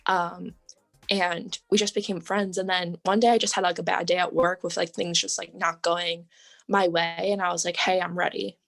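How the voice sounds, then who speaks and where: A young woman, a podcast guest, telling her story in casual conversation, full of "like" and "um" and quick laughs. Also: on the low side, flat delivery, gravelly, a bit bright, faint music behind. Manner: chatty, lots of "like" and "um", laughs often.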